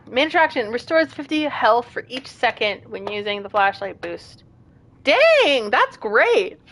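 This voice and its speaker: A young woman streaming a game, chatting casually and self-deprecatingly, with bursts of excited squeals. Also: fairly high pitch. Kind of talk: casual gameplay commentary.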